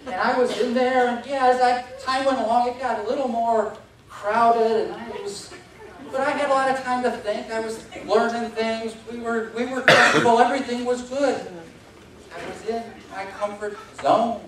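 A man giving a humorous contest speech in an animated, self-mocking storytelling manner, in a large hall with a live audience. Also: extremely high pitch, normal speed. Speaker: contest speaker. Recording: echoey hall, distant mic, audience laughter.

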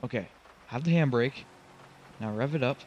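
The audio is dull, with slight background noise, as a young gaming channel host narrates his own driving game run. His mid-range voice is a little mellow and moderately paced, and he gets frustrated, pleads with the truck, and groans at his mistakes.

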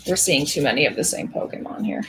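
A young woman hosts a casual livestream, talking fast and expressively in a low voice while chatting with viewers. She laughs often and counts cards aloud as she works, with slight background noise.

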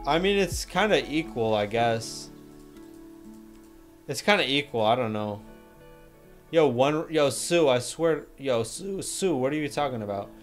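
A young man chats loosely on a livestream and reads viewer messages aloud. He jokes and talks in slang, at a medium pitch. Soft music plays faintly behind him. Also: lively intonation, measured pace, long pauses. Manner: laid-back, joking, slangy, reads chat aloud. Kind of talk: casual livestream chat.

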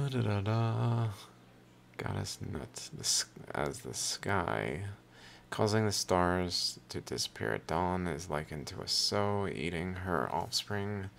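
A man's voice: low voice, lively intonation, slow pace, vocal fry, fairly bright tone, a little hiss or hum. A man hosting a podcast, talking casually and musing aloud, trailing off into half-finished sentences. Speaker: podcast host.

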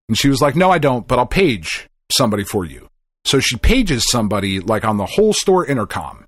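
A middle-aged man co-hosting a podcast, telling a story in a casual, animated way, swearing often and acting out the people he quotes. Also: mid-range voice, quick pace, breathy edge. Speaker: podcast co-host.

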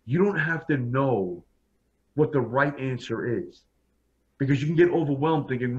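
Husky and medium-pitched, this man's voice moves at a moderate pace with lively intonation. Appearing as a podcast guest, he recounts his personal experiences in a frank, blunt way, often restarting sentences, and the lo-fi recording sounds dull.

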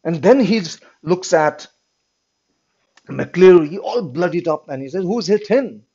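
Male teacher, slightly high voice, reads then explains, keeps asking "all right?"; muffled lo-fi audio. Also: lively intonation, takes it slowly, gravelly, warm tone, slightly rough. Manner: checks in with "all right" often. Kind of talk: reading and explaining a story to students. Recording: dull lo-fi recording.

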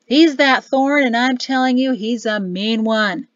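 A man's voice: very high voice, a little slow, dry recording, voice pushed up. Woman playing a crude, belching sergeant. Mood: coarse griping. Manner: loud, coarse, belching. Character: crude, hard-drinking male sergeant. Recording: slightly dull dry studio recording.

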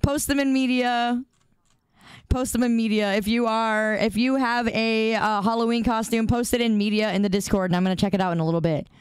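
A woman's voice: on the high side, steady tone, a little fast, clear, resonant tone, no room sound, clean studio sound. A woman streamer chatting casually and playfully with her live chat, greeting viewers by name in a sing-song way.

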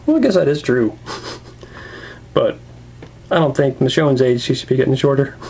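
A man's voice: mid-range voice, moderate pace, darkish tone, husky. A man rambling casually through a toy review.

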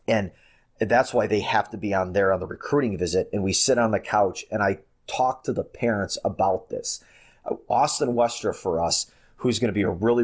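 A man, a college basketball head coach, telling recruiting stories in an animated, restarting way on a podcast. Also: lowish voice. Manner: animated storytelling, many restarts. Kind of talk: podcast interview.

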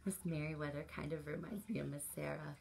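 A woman librarian reading a picture book aloud at children's story time, expressive, with little asides to the kids. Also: low voice, brisk, vocal fry, a little hiss or hum.

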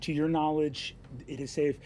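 A man narrating as game master of a tabletop game, speaking in animated and then hushed tones. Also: fairly high pitch, moderate pace. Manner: animated narration that sinks to a hushed near-whisper.

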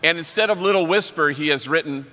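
A middle-aged man, a priest, telling wry stories in a religious talk and slowing down for his punchlines. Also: a little high, bright, forceful tone. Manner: wry, anecdotal, slows down for punchlines. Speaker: priest giving a keynote talk. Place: large convention hall. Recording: long reverb of a large hall.

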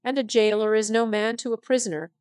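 A synthetic text-to-speech woman reading a classic novel aloud as narrator, with even delivery. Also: fairly high pitch, a little fast, no room sound, studio quality.

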